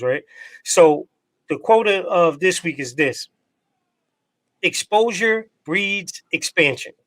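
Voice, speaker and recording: A laid-back man with a New Jersey accent co-hosts a podcast, drawing out key words slowly. His voice sits a little high. The recording is dry and close. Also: no room sound, low-quality recording. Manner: laid-back, slangy, drawn-out emphasis. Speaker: podcast co-host. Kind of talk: casual chat and motivational segment.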